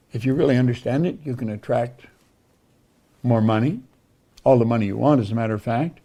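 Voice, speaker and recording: A man's voice: medium pitch, brisk, long pauses, mellow. A man giving a motivational talk, telling stories in an earnest way. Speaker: motivational speaker.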